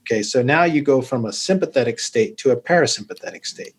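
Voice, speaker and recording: A man's voice: mid-range voice, expressive, fast. Man explaining with joking stories. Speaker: urologist guest. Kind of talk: podcast interview.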